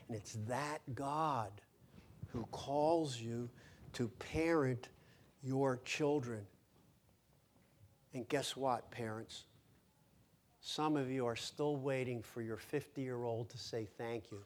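A man's voice: medium pitch, slow, long pauses, a little hiss or hum. A man preaching a sermon as pastor, emphatic, repeating words and asking the congregation questions. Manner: emphatic, repeats words when stressing a point.

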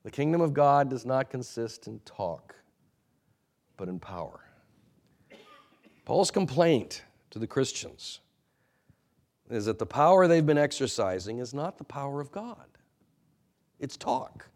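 Man preaching with dramatic loud-soft swings. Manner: dynamic preaching that swings between loud emphatic peaks and quiet low asides; earnest, admonishing. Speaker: pastor. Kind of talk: sermon.

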